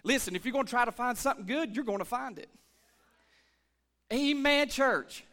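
A man preaching a lively church sermon as pastor, calling for amens and swinging between shouts and hushed asides. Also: very high voice, normal speed. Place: church sanctuary.

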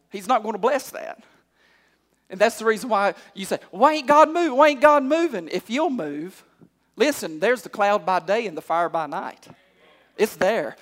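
A male pastor preaching a sermon, calling out to the congregation and climbing to shouts. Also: high-pitched. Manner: call-and-response preaching, rising to shouts. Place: church hall. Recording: long hall reverb.

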